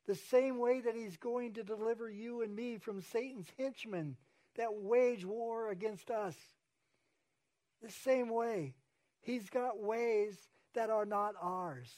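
Man, pastor, high-pitched, earnest sermon, emphatic repetition. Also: a little mellow. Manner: earnest preaching, rising to emphatic declarations; repeats key phrases for emphasis.

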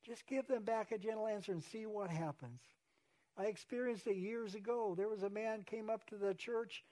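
A man's voice: high voice, normal speed, warm tone. A man, a pastor, preaching an earnest sermon and repeating key phrases for emphasis.

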